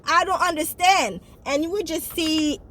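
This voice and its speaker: A woman's voice: very high-pitched, a little slow, bright, forceful tone. A woman in casual chat, reviewing a movie and talking straight to her viewers in an emphatic way.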